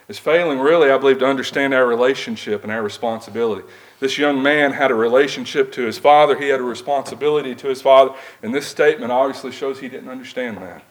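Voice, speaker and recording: A man's voice: mid-range voice, rough recording. A male preacher giving a sermon, reading scripture aloud and asking the congregation plain rhetorical questions.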